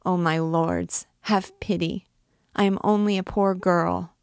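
A woman's voice: fairly low pitch, steady tone, takes it slowly, dry recording, studio quality, voice pushed up. A woman voicing a young gypsy girl on trial, anguished and breaking as she speaks. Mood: pleading.

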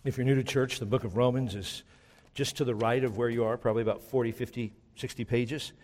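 A man preaching a sermon as pastor, shifting between driving emphasis and hushed, slow lines. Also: mid-range voice, fairly even intonation. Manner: preaching with sudden drops to a hushed voice. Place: church sanctuary. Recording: long hall reverb.

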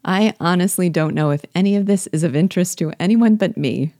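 A woman with a low, mellow voice talks through a novel chapter by chapter in a reflective, gently wry way. She reads passages aloud between her own remarks. The recording is close and dry, with no room sound. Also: brisk, no echo. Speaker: host guiding listeners through a novel. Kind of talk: literary commentary podcast.

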